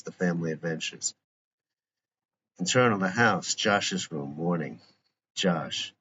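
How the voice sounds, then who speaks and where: Man narrating a script, plain reading of stage directions, deep voice, faint hiss. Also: highs cut off.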